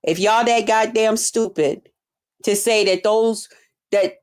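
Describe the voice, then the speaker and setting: A woman's voice: medium pitch, slow pace, darkish tone. A woman hosting a livestream, ranting bluntly at her chat, swearing constantly and repeating herself in exasperation. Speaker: livestream host. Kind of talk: profane livestream rant.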